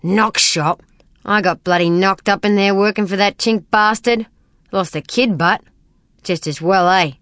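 A woman reading an audiobook voices a bitter young woman who talks low, slow and spiteful. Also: fairly bright tone, dry recording, clean studio sound, lightly acted.

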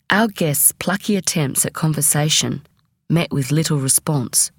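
A woman reading a memoir aloud as an audiobook, in a measured, expressive way. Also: low voice, no room sound, studio quality. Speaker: audiobook reader. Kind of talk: audiobook narration.

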